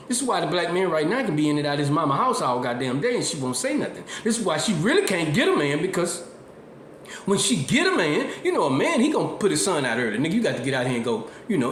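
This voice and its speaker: A man's voice: high voice, a bit bright. A man giving heated, preachy solo commentary, rambling and swearing as he drives his points home. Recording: echoey room with faint noise.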